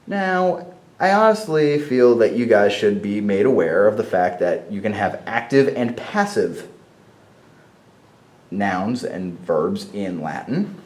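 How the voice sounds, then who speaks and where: A man teaches a lesson, laying out each point slowly and methodically and sounding out examples. His voice sits fairly low. The recording has a roomy echo. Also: lively intonation, darkish tone. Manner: slow, methodical explaining, spelling out sounds. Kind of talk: spoken lesson.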